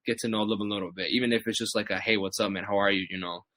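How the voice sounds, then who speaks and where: A man's voice: fairly low pitch, rapid-fire, dry recording. A young adult man telling stories in a casual chat, acting out what people said. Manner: animated storyteller, acts out quotes. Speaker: podcast guest.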